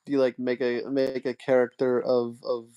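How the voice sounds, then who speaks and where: A man's voice: mid-range voice, monotone, normal speed, dark tone, clear, resonant tone, dull audio. A young man chatting casually with a friend on a stream, playful and eager, teasing him with jokes and suggestions. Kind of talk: casual chat.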